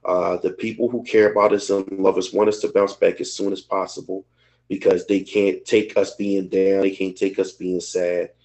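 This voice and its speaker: A man's voice: low-pitched, flat delivery, normal speed, darkish tone, rough recording. A man co-hosting a podcast, talking openly and emotionally in casual chat, swearing freely. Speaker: podcast co-host.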